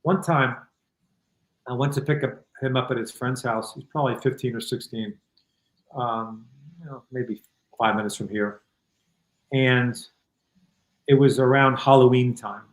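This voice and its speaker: Calm, reflective middle-aged man. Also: mid-range voice, measured pace, pauses often, echoey room, low-quality recording. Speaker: guest author. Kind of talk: conversational storytelling.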